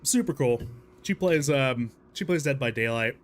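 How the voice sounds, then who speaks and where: A man live-streaming a horror game, chatting in a rambling, self-deprecating way and breaking into yelling and swearing at the game. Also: mid-range voice, expressive, normal speed, a little hiss or hum. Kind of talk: casual live gameplay commentary.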